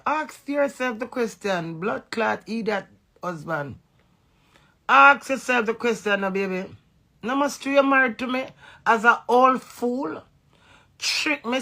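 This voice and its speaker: Jamaican lady going off on her husband, cussing, raspy fry and a bright sharp edge. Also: a little high. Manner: heated, profane, confrontational. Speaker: social media personality. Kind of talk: angry rant to camera.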